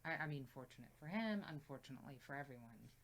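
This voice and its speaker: A woman's voice: very deep voice, lively intonation, fast, a little hiss or hum. A woman co-hosting a music reaction video in casual chat, thoughtful and reflective as she talks. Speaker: reaction channel co-host.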